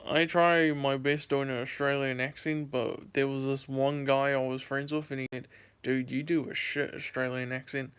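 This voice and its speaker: Speaking in a flat, mid-range voice that's smooth and fairly bright, an American YouTuber in his late teens goes at a moderate pace. He's livestreaming from a handheld phone, casually rambling and repeating points as he responds to chat.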